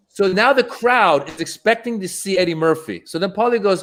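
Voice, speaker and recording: Animated male stand-up comedian telling stories. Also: high-pitched, normal speed. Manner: animated, acts out voices in his anecdotes. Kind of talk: casual storytelling interview.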